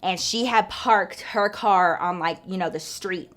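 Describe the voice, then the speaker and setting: A storytime vlogger spins a loose, chatty tale for her viewers, her talk salty and profane and strung together with filler after filler. Her voice is on the low side, unhurried, and fairly bright in tone.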